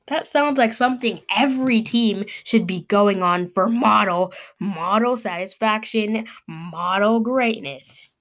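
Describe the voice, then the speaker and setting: A woman's voice: medium pitch, measured pace, few pauses, fairly bright tone. Sarcastic woman ranting about her team. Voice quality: sarcastic, exasperated. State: losing her voice from yelling. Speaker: sports fan commentator. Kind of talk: sarcastic stat-reading rant.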